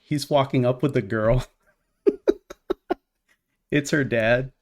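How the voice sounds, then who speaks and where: A man in a middle register tells a story with a lot of swearing and plenty of heat. His delivery is animated and conversational, the way a podcast co-host riffs with a friend. The tone stays casual and worked up. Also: mid-range voice, slow. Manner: profane, animated storytelling, heated.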